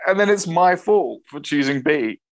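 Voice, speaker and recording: A man's voice: fairly high pitch, expressive, normal speed. A man co-hosting a film podcast in casual, laughing chat, swearing freely and joking at his own expense. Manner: swears freely, laughs a lot, self-mocking. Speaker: podcast co-host.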